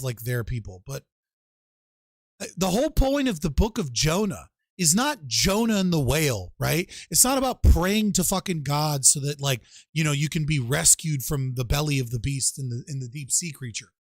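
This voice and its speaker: Animated, profane man hosting a debate panel. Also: a little high, normal speed, dry recording. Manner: profane, animated storytelling with mock-quoted voices. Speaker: show host.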